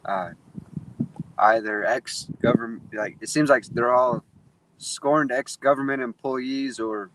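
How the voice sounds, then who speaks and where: A man speaking as a podcast guest, calm and measured in casual conversation. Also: mid-range voice, a little hiss or hum, rough recording.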